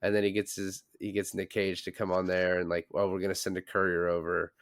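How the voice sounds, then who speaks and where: A man co-hosting a podcast, casually recapping a film in a relaxed, rambling way. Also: sits low, a little fast, dry recording, clean studio sound. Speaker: podcast co-host. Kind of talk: casual chat.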